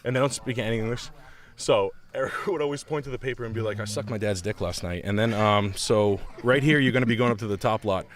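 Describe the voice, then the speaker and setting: A man in casual chat, telling stories and putting on loud voices of other people. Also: medium pitch, fast talker. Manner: animated storyteller doing loud voices of others. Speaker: co-host.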